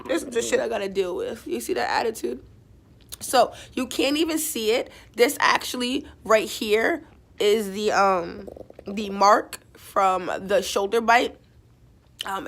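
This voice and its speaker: A woman vlogger telling a story in a loose, rambling way, full of fillers and blunt asides with the odd swear word. Her voice is bright and forward and sits a little high. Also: unhurried. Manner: chatty and digressive, with frequent fillers; blunt and expressive, with casual swearing. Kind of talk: casual storytime vlog.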